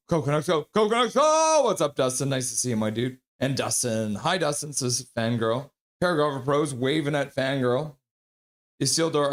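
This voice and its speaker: In a casual hockey pregame stream, a middle-aged host reads the chat and greets viewers by name while chatting casually. His voice is mid-range and a bit bright.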